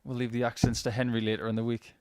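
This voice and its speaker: A man's voice: mid-range voice, little pitch movement, quick pace, darkish tone, clear, resonant tone. A man commentating on a darts match, breaking down the players' throwing technique in detail. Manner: analytical, explains throwing technique at length. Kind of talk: live sports commentary.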